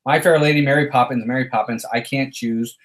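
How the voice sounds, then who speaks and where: A man's voice: mid-range voice, fairly even intonation, fairly quick. A man co-hosting a casual live stream, joking around and greeting viewers by name.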